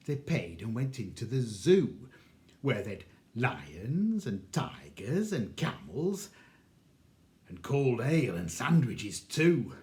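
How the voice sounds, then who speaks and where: Slow, theatrical male reciter. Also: medium pitch, a little mellow. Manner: measured, theatrical storytelling in rhyme. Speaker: librarian. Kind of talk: comic monologue recitation.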